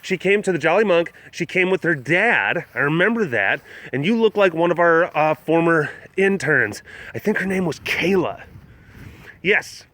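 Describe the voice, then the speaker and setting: A young man from southwest Wisconsin hosting a casual livestream outdoors at an animal compound, joking and reading viewer comments with loud hype and low mumbles. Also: lively intonation, moderate pace, no room sound. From southwest Wisconsin, USA. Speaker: livestream host at a big cat facility.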